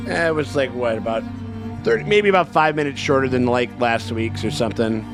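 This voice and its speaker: A man's voice: mid-range voice, fairly quick, over music. A man co-hosting a casual TV reaction chat, talking loosely with many fillers and restarts, and swearing freely. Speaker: co-host reacting to a TV episode.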